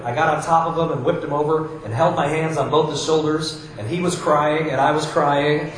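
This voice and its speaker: A man's voice: on the high side, slight background noise. A man from Iowa preaching a sermon, switching between chatty stories full of restarts and reading scripture aloud. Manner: conversational storytelling with frequent restarts, reads scripture aloud. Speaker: pastor. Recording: very echoey hall.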